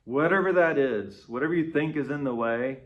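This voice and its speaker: A man's voice: mid-range voice, brisk, highs cut off. A man reading scripture and reflecting on it as a devotional speaker. He talks in a conversational way and often checks in with "right?". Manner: conversational, tags points with "right?".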